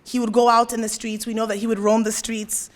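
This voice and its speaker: A woman's voice: fairly high pitch, level tone, fairly quick. A young woman giving a religious lecture at a convention, telling a story and often checking in with "right?". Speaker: convention speaker.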